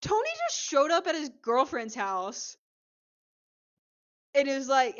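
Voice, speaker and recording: A woman with a fairly high voice recaps a TV episode in casual podcast chat. She tells it in an animated way, acting out the lines. The recording is a little dull and lo-fi. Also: moderate pace. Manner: chatty, animated retelling with acted quotes and laughs. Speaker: podcast co-host.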